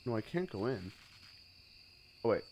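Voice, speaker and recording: A man's voice: lowish voice, big pitch swings, unhurried, darkish tone, slight background noise. A man streaming a horror game, giving casual commentary with jittery, nervous exclamations.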